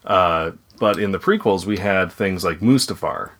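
A man's voice: low voice, moderate pace, fairly bright tone, a little hiss or hum. A man in his thirties with an Upper Midwest accent, chatting casually and rambling as a podcast host with his kids. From North Dakota. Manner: chatty, rambling, laughs easily. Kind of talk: casual family chat.

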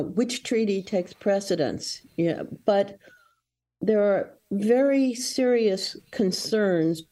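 A woman's voice: lowish voice, dark tone. A woman answering interview questions in an earnest, warning way, with frequent fillers and restarts. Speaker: guest.

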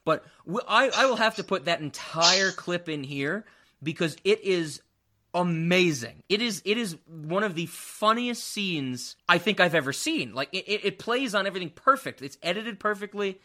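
A man hosting a casual movie podcast, animated, laughing and swearing freely. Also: high-pitched, moderate pace. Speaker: podcast host. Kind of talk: casual movie review chat.

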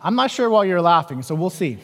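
A middle-aged male pastor with a strikingly high voice preaches in a church sanctuary, and his words ring out with a long reverb. He tells stories with quoted voices and wry, self-mocking humor. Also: very animated, fairly quick, slight background noise. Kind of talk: sermon.

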